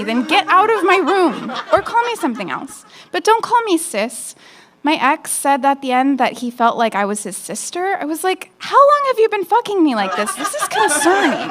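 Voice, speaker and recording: A woman's voice: fairly high pitch, background noise. A woman performing a stand-up comedy set on a nightclub stage into a handheld mic, with a brash, frank, conversational delivery.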